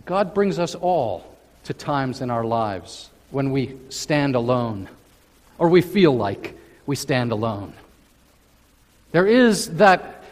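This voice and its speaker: Pastor guy preaching slow and deliberate, kinda high voice, big echoey church. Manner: slow, emphatic preaching with drawn-out phrases. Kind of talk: sermon. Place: church sanctuary. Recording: church hall with long reverb.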